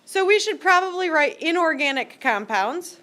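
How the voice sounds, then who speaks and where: Teasing and joking through her lecture, a woman high school teacher keeps quizzing her class. She talks at normal speed with lively intonation and a sharp tone.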